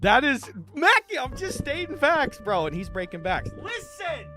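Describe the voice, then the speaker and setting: High-pitched guy streaming, swears a lot, super animated, bit of music behind. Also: normal speed. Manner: animated, profane, jokey. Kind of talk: casual live-stream chat.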